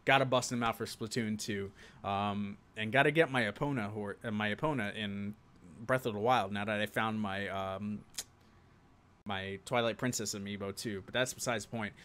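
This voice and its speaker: A man's voice: lowish voice, steady tone, normal speed, fairly bright tone. A man hosting a casual gaming news stream, rambling, restarting sentences and chuckling at his own asides. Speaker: show host.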